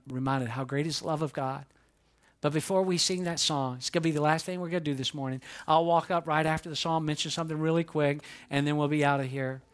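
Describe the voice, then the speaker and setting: Middle-aged male pastor, lively sermon delivery with acted-out quotes, voice sits high. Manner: animated, acts out quoted voices, repeats words for emphasis.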